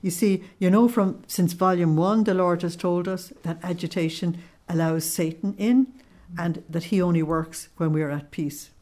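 A woman teaching on a devotional text, explaining it line by line and pausing often with "uh". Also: fairly low pitch, fairly even intonation, warm tone. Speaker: religious teacher.

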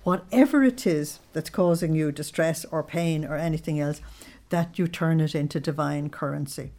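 Woman study leader, somewhat low voice, emphatic devotional reading, slows to stress words. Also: darkish tone. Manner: asks listeners to check their understanding. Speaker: religious study group leader. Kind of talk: devotional teaching with readings aloud.

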